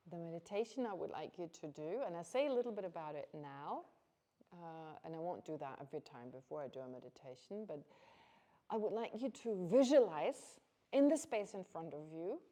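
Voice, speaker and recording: A woman's voice: low voice, dark tone. A woman giving an informal Buddhist teaching to a class, chatty and conversational, laughing often and restarting her sentences.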